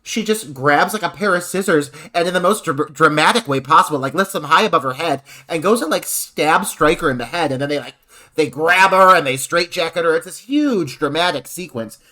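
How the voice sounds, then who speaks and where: Man, slightly higher pitch, bright tense tone, opinionated film chat. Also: fairly quick. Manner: animated, opinionated, laughs while talking. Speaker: podcast panelist. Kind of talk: casual film discussion.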